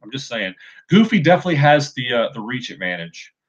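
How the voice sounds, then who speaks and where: A man's voice: medium pitch, very animated, fast talker. A man co-hosting a casual live stream, joking and rambling in easy banter. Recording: dull lo-fi stream audio.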